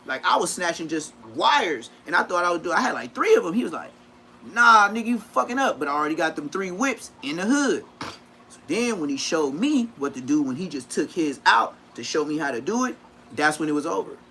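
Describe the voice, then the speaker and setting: An animated man spins rough street stories on a livestream. His pitch swings widely and his tone is bright and forceful. A faint hiss of noise sits underneath. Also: a little fast. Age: 30s. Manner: animated, profane, acts out quotes in a raised voice. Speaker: livestream host telling stories. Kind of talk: casual storytelling livestream.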